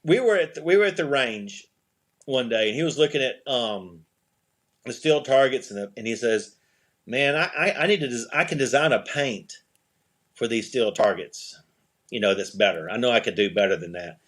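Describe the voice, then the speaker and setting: Speaking at normal speed, this man has an expressive, fairly bright mid-range voice. He is a middle-aged podcast guest who owns an eyewear company, and during a laid-back interview he wanders through a story, starting sentences over and performing the quoted lines.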